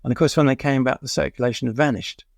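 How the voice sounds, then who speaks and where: Older English music writer, gravelly, dry close mic, rambling anecdotes with fillers. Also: male voice, mid-range voice, fairly even intonation, fast talker, no room sound. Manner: rambling, many "uh" fillers, chuckles at his own stories. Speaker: music journalist guest. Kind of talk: anecdotal interview storytelling.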